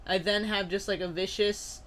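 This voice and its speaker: Young adult stream host, bright tone, upbeat chatter, allergy-sneezy. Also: mid-range voice, normal speed, slight background noise. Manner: upbeat, greets viewers by name, frequent loud excited outbursts. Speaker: live-stream host opening trading cards. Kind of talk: casual live-stream chat.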